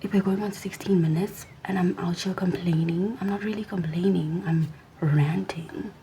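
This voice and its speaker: A woman's voice: on the low side, fairly even intonation, normal speed, dark tone, slight background noise, rough recording. A young adult woman vlogger ranting in a sassy, mostly whispered voice to her camera.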